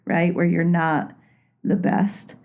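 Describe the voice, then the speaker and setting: Casual woman guest, lowish voice, laughs easy, laid back. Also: steady tone, slow, gravelly, darkish tone. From Maine, USA. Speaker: podcast guest, loan officer. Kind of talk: casual interview chat.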